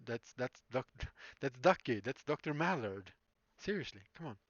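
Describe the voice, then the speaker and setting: A man's voice: mid-range voice, big pitch swings, a little slow, no room sound, highs cut off. A man streaming live as a prop maker, rambling casually and answering chat with frequent laughs. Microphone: streaming mic.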